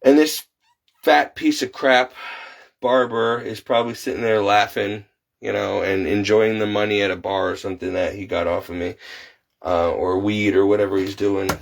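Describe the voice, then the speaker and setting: A man vlogging in a casual, exasperated rant, his voice climbing high as he complains. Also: level tone, moderate pace, vocal fry, rough recording. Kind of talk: casual ranting monologue.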